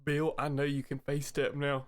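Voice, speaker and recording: Laid-back young man, slow talk. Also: on the high side, completely flat delivery. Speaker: player. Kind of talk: casual chat.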